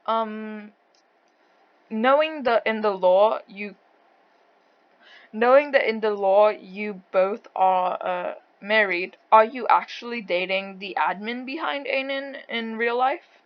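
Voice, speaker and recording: A woman interviewing a guest over voice chat, blunt and quick to laugh, with a thick accent and a habit of swearing. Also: mid-range voice, dull audio. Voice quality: says she has a thick accent.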